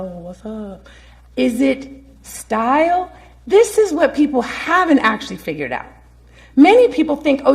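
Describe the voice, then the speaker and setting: A woman's voice: high-pitched, gravelly. A woman giving an academic lecture to students, engaging them with frequent questions. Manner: engaging, asks the audience questions. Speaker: keynote speaker. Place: lecture hall.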